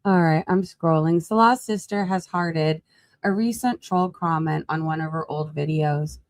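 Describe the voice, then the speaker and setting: A woman with a lowish voice talks casually through a live gossip stream, laughing and putting questions to her chat. The sound is dry and close, with no room around it. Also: a little slow, no room sound. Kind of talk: casual commentary while scrolling.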